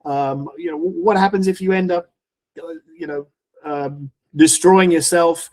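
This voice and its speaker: A worried young mother pleads anxiously, as a man quotes his wife. The voice sits a little high. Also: fairly even intonation, unhurried, darkish tone.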